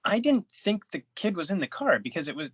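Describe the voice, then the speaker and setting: An easygoing man co-hosts a casual podcast chat, with chuckling asides in a fairly high voice. The sound is dry, close and dull, like a lo-fi recording. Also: big pitch swings, a little fast, husky, dry recording. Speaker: podcast co-host.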